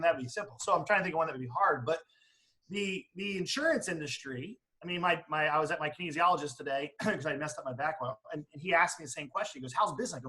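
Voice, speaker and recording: A man in insurance sales talking in a casual panel chat, quick and animated, with many restarts. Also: fairly high pitch.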